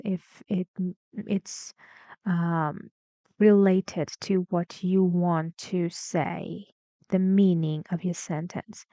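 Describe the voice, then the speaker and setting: In a slow, deliberate English lesson, a native Persian speaker demonstrates pronunciation, performing sample sentences with exaggerated rising and falling intonation. Her tone is dark, and the audio is dry and dull.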